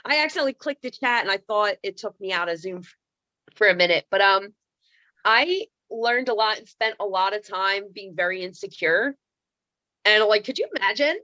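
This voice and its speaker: A comedian and speaker in her thirties tells comedic stories over a video call, sassy and self-mocking, with playful asides. Her mid-range voice has lively intonation, normal speed, and a bright, forceful tone, captured lo-fi through a computer mic with no room sound.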